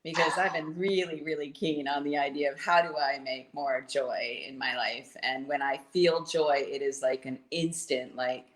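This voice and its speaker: A woman's voice: low-pitched, fairly even intonation, normal speed, hardly any pauses, reverberant. A woman co-hosting a live video chat, talking in a reflective, encouraging way and using many fillers. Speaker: co-host.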